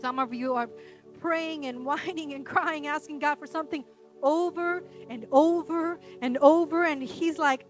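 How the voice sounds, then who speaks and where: A woman pastor preaching a sermon, emphatic, swinging from bold declarations down to a quiet hush. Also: high voice, fairly even intonation, measured pace, faint music behind.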